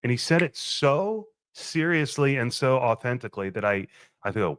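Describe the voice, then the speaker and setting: A man's voice: medium pitch, normal speed, clear, resonant tone, no echo. Man telling a wedding story, dry close sound. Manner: animated, profane, acts out his own quoted lines. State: a little thirsty, just woke up. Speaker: podcast host. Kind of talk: casual storytelling monologue.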